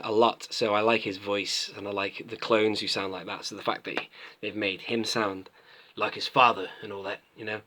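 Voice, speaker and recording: A British man in his late thirties, talking through an unboxing in a chatty, rambling way. His voice is bright and forward, and his excitement keeps breaking through. A faint hiss sits under the recording. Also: on the low side. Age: late 30s. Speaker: toy collector vlogger. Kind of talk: casual unboxing vlog.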